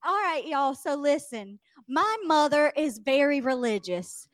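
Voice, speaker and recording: A woman telling a funny story in a casual podcast chat, animated and laughing as she goes. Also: high voice, a little slow, dry recording, studio quality. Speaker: podcast co-host.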